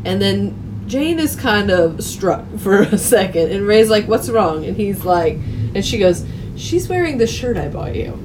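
A woman's voice: mid-range voice, big pitch swings, measured pace, background noise. A woman co-hosting a podcast, casually retelling a film's plot and acting out the characters' lines with laughter. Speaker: podcast co-host. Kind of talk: casual movie recap chat.

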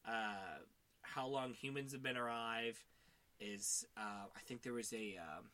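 Bright-voiced guy rambling on a podcast, swears a lot, lots of likes and ums. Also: mid-range voice, unhurried. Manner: rambling, profane, lots of fillers. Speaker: podcast co-host. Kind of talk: casual chat.

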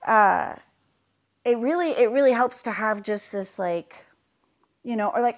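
A woman in casual chat about running tabletop games. She talks in an animated, playful way and slips into silly voices. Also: a little high, a little slow, pauses often. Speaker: tabletop game master, podcast panelist.

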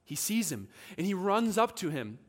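A male preacher telling a story from the pulpit in a church. His pitch swings widely, rising and falling as he acts out the people in the tale. The pace is lively, and he leans into the dramatic moments. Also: moderate pace. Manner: animated, acts out quoted voices. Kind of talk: sermon storytelling.

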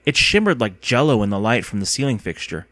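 A man narrating an audiobook with expressive storytelling. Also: lowish voice, a little fast, dry recording.

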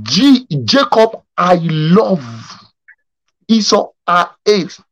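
High-voiced pastor telling a story. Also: male voice, very slow, no room sound, low-quality recording. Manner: animated storyteller who stumbles and repeats words. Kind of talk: Bible study teaching and storytelling. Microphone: video call.

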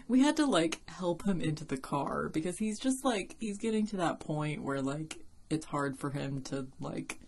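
A woman with a notably low voice talks through her podcast in an easy, rambling way. She laughs often, drifts into side tracks and swears casually, recorded at home. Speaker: podcast host. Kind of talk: casual chat.

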